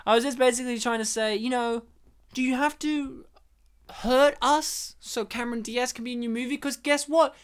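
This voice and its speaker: A woman's voice: fairly high pitch, fairly even intonation, moderate pace, smooth. A woman from Poland, co-hosting a casual film chat, joking and laughing often as she acts out scenes. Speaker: podcast co-host. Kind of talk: casual chat about films.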